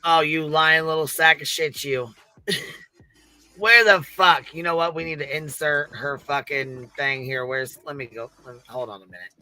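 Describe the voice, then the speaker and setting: A man's voice: fairly high pitch, fairly even intonation, moderate pace, few pauses, bright, forceful tone, dry recording. A man hosting a stream, giving crude, scornful commentary while he handles clips. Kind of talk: profane casual commentary.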